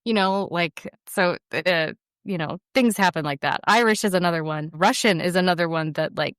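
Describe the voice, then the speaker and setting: Woman, young adult, audiobook narrator, casual interview, rambling with fillers, smooth resonant voice, dry sound. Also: on the low side, moderate pace, a bit bright, dry recording. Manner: rambling, lots of fillers, self-deprecating laughs.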